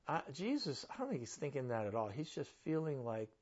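A man's voice: medium pitch, very animated, a little fast, a little mellow, lo-fi sound. A man preaching a sermon in a conversational way, asking his listeners rhetorical questions. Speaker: pastor.

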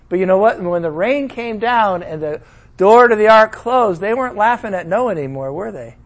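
A middle-aged man with a fairly high voice preaches a sermon at a moderate pace. His delivery is animated, and he slips into the voices of the figures he quotes.

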